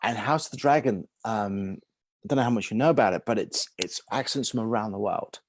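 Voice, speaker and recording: A man's voice: fairly low pitch, a little fast, a little hiss or hum. A man, a guest agent in a casual interview, speaking hesitantly with many restarts.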